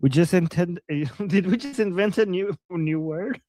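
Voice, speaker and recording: Man co-host, amused, slow drawn-out talk, dry close sound, slightly high voice. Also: dark tone, dry recording. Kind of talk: casual live-stream chat.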